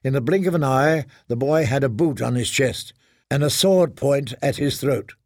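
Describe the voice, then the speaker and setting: Man reading a fantasy book out loud, gravelly voice, dry close mic. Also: mid-range voice, no echo. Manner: steady, measured storytelling. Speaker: audiobook narrator. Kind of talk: scripted fantasy narration.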